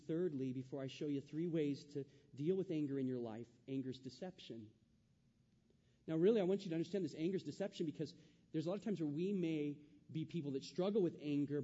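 A man's voice: on the high side, dark tone, big-room sound, muffled recording. A male pastor preaching a sermon, acting out the quoted voices with rising intensity.

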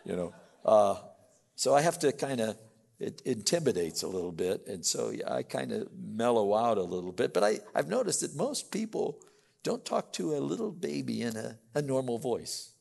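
An older male pastor preaching a sermon, booming on emphatic lines and dropping to soft asides, with a long hall reverb. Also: sing-song, normal speed, creaky.

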